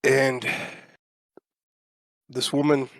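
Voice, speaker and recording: A man co-hosting a podcast, telling a long anecdote in a casual, profane and animated way, acting out the lines people said. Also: medium pitch, extremely slow, no echo. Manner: animated, profane, acts out quotes. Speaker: podcast co-host. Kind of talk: casual storytelling chat.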